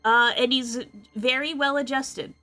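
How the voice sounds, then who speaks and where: A woman's voice: high-pitched, fairly even intonation, measured pace, sharp tone, soft background music. A woman hosting a tabletop game stream, teasing her players and swearing freely. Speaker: stream host. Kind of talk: casual chat.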